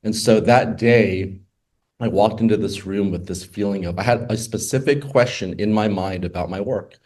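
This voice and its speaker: Man telling a lively personal testimony. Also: on the low side, normal speed. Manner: storytelling, acts out quoted dialogue with many asides. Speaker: attorney sharing a testimony. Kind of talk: personal testimony at a group meeting.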